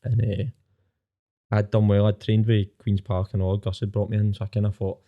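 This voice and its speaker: A Scottish man in his twenties telling his own story candidly as a podcast guest, plain-spoken and rapid. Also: on the low side, flat delivery, phone-quality sound.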